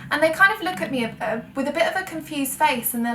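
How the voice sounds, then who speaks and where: A woman's voice: high-pitched, lively intonation, quick pace, hardly any pauses, fairly bright tone. Chatty young woman vlogger. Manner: chatty, self-correcting, laughs at own word slips. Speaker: full-time blogger and vlogger. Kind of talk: frank sit-down chat to camera. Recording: echoey room, mic at a distance, faint ambient noise.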